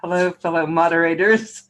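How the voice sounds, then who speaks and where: A woman's voice: lowish voice, moderate pace, fairly bright tone. A woman hosting a casual livestream, greeting viewers by name and laughing often as she chats. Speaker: livestream host.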